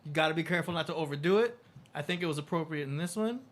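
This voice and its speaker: A man co-hosting a live stream, giving relaxed, hesitant feedback on a song. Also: a little high, racing. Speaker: co-host reviewing songs. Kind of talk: casual live-stream chat.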